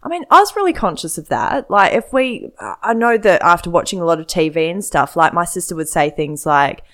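A woman from New Zealand with a soft Perth Australian accent, chatting casually and laughing often on a podcast. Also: fairly low pitch, animated, a little fast. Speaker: podcast co-host. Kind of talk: casual chat.

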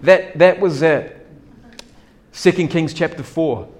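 A male pastor delivering a sermon in an animated, conversational way. His voice sits a little high for a man, and he moves from soft, thoughtful asides to bursts of louder, acted-out dialogue. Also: takes it slowly. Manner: animated, acts out characters' doubts with dramatic swings in loudness.

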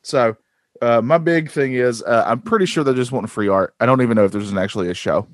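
Talking fast at a medium pitch, this podcast co-host rambles in casual conversation, full of fillers and restarts. The studio-quality recording has no echo.

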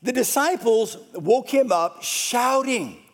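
A pastor preaches with a high, highly animated voice that leaps up and drops away. He takes his time, letting words hang. His delivery swings between loud stretches and near-whispers. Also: slow pace. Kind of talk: sermon.

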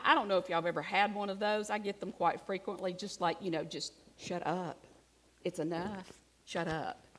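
A middle-aged woman from Alabama with a Southern accent, preaching a sermon in a conversational, self-deprecating storytelling way with hushed asides. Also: medium pitch. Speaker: pastor.

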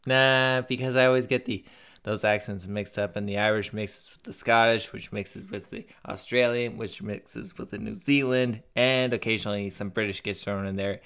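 A man's voice: lowish voice, fairly even intonation, normal speed, a bit bright, clean tone. A man co-hosting a casual podcast, with a dry, sardonic, teasing way of talking. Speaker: podcast co-host. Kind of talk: casual chat.

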